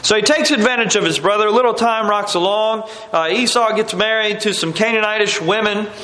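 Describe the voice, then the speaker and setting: Male preacher, high bright voice, storytelling sermon, roomy hall sound. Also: fairly quick, a little hiss or hum. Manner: storytelling, acting out the characters' lines. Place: church hall. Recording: echoey hall.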